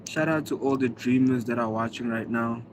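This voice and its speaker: A man's voice: mid-range voice, a little fast, noisy background. Laid-back South African man streaming live. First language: Zulu. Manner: laid-back slangy talk, thanking viewers. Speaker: livestreaming vlogger. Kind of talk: casual live-stream chat reading comments.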